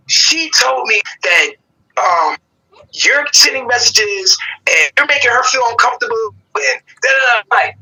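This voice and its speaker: A man hosts a live call-in stream and tells a personal story at length. His voice sits high and cuts through, bright and edgy. He swears freely and slips into each person's voice as he quotes them. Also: normal speed, rough recording. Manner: animated storytelling, acting out quoted people, swearing, slang. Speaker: show host.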